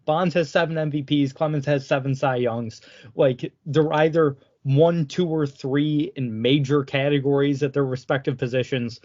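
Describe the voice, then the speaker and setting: A man's voice: a little high, fairly even intonation, normal speed, darkish tone. A man co-hosting a casual sports podcast, opinionated and saying "like" often. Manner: opinionated, uses "like" a lot. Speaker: podcast co-host. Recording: dull lo-fi recording.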